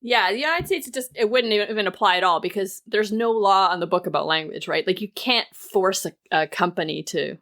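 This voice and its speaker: A woman's voice: mid-range voice, fairly quick, hardly any pauses, a bit bright. Chatty woman explaining things. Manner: chatty, explains at length with many fillers. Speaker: podcast co-host. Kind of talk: casual chat.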